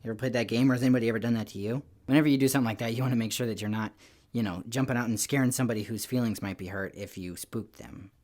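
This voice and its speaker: A man giving a lively children's church lesson, telling stories in an animated, playful way with little voices. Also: mid-range voice, racing. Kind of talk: lively kids' lesson talk.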